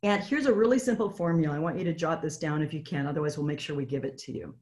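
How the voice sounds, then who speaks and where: A woman's voice: deep voice, fast talker, darkish tone. A woman, apparently from Canada, coaching a live online session in a chatty, encouraging way and reading out replies from the chat. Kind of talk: live webinar teaching.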